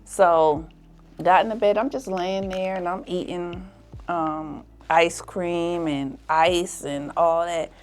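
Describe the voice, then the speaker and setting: A woman hosting a podcast tells a personal story in a lively way, acting out the people in it with laughter. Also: lowish voice, slow. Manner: animated, acts out the people in her story with laughs. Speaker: podcast host.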